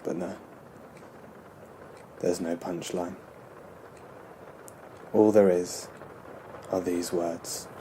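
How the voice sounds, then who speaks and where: A man's voice: sits low, level tone, very slow, pauses often, noisy background. A young man tells a mock anti-drug confession in a slangy, laddish way, swearing often. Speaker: comedy sketch performer.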